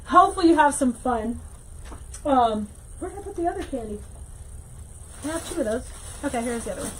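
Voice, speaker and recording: A woman hosting a casual livestream craft tutorial, chatting with viewers and thinking out loud as she works. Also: sits high, expressive, a little fast, slight background noise, low-quality recording. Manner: chatty, reads viewer comments aloud, thinks out loud while working. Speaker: wreath-making teacher and livestream host.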